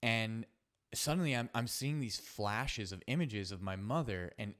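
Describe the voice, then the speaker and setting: A man hosting a solo podcast, telling a personal story in a reflective, halting way with many fillers and restarts. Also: fairly low pitch, a bit bright. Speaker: podcast host.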